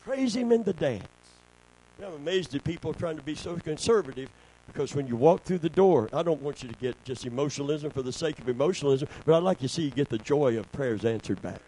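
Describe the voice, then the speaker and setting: A man's voice: fairly high pitch, expressive, fast, mellow, husky. A man preaching a sermon, calling for amens and breaking into song. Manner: call-and-response, asks congregation for amens.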